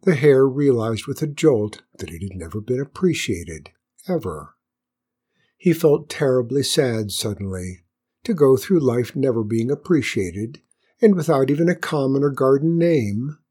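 A woman narrating a children's story with gentle, wry asides. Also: extremely low pitch, expressive, measured pace, breathy edge.

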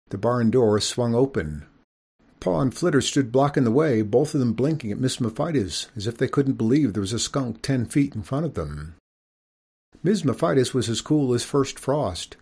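A man's voice: mid-range voice, a little mellow, breathy edge. A man reading a storybook aloud in the first person as a farm boy, with folksy rural speech. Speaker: audiobook reader.

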